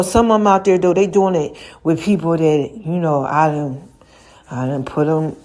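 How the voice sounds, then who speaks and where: A woman's voice: on the low side, mellow. A woman speaking, hosting a podcast as a casual monologue, slangy and playful, often laughing. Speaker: podcast host.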